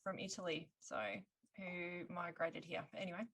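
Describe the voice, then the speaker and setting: A woman's voice: fairly low pitch, flat delivery, normal speed, a bit bright. An Australian woman, the guest host, casually telling a true-crime story on a podcast and laughing often.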